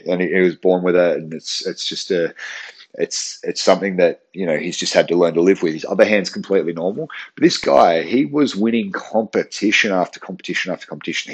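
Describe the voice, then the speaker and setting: A man's voice: low-pitched, slightly rough. A man hosting a podcast as a strength coach and gym owner, talking earnestly in casual solo chat, restarting phrases and checking in with "right?".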